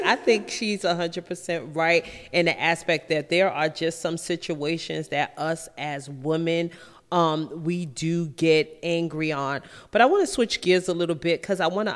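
A woman's voice: fairly low pitch, unhurried, big-room sound. A woman hosting a call-in talk radio show, who talks emphatically, repeats her phrases and laughs easily.

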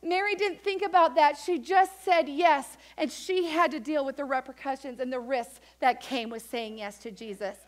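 A woman pastor preaching a lively sermon in church, reading scripture and acting out quoted voices. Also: high voice, moderate pace, few pauses. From United States. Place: church sanctuary.

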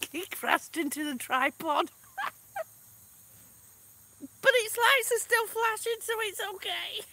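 A woman vlogging outdoors while flying a drone, out of breath and excited, laughing often. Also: very high voice, slow, pauses often, a little hiss or hum. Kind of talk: casual live vlog.

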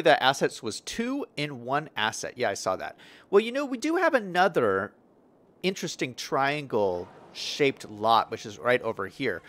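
A young man chats casually through a city-building livestream, reading viewer comments aloud. His voice sits a little high and his pitch swings animatedly. He is relaxed and talkative, full of fillers and restarts. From Western United States. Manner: chatty, lively, reads chat aloud with frequent fillers. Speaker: streamer.

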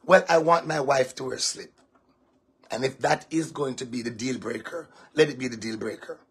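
Man, pastor, very raspy husky voice, gravelly fry, emphatic lecturing, preaching to a congregation. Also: medium pitch, normal speed. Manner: lecturing, emphatic, at times shouting.

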